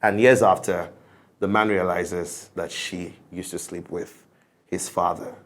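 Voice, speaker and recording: A man's voice: low voice, steady tone, unhurried. A man hosting a studio talk show, pressing his guest with repeated questions.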